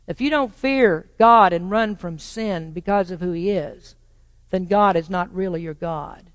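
A pastor preaching to a congregation in a large church hall, the voice trailing into a long reverb. The delivery swings from loud, rising proclamation down to quiet, pointed rhetorical questions. The voice sits at a middle pitch, and the nearby sound of the speech itself stays dry. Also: measured pace. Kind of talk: sermon.

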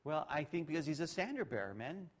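A middle-aged male pastor giving a conversational sermon, shifting between loud sarcastic mock voices and low asides. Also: big pitch swings, fast.

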